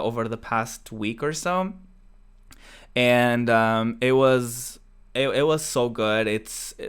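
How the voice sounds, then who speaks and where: A man's voice: medium pitch, fairly bright tone, clean tone. A young man from Portugal hosting a casual chat show, talking in a rambling way with many fillers and restarts. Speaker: podcast host.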